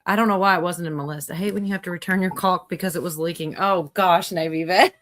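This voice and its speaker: A woman's voice: lowish voice, steady tone, fast, fairly bright tone, dry recording. A woman hosting a livestream in a casual, chatty way, reading out viewer comments. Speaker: livestream host. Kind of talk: casual chat.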